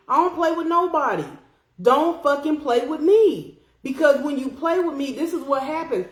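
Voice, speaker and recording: A young adult woman hosting a podcast, chatting casually and reading comments from a live chat in a blunt, profane, animated way. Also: on the high side, unhurried, reverberant.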